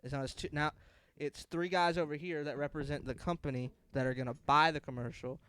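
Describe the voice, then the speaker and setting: A young man co-hosting a casual podcast, telling stories animatedly and acting out characters in shrill voices. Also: a little fast, clean tone. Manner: animated storyteller, acts out sketches in shrill voices. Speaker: podcast co-host. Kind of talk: casual chat.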